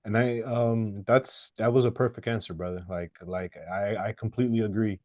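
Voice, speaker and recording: A man with a lowish voice interviews a friend, warmly affirming his answers with some hesitant fillers. The recording is dry and close. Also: fairly even intonation, moderate pace, dry recording. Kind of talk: casual interview.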